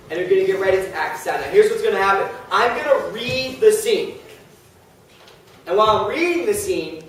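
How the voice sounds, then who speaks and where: A man teaching a class, giving brisk, directive instructions and reading a story aloud in a classroom. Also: high-pitched, slight background noise. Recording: echoey classroom from far off.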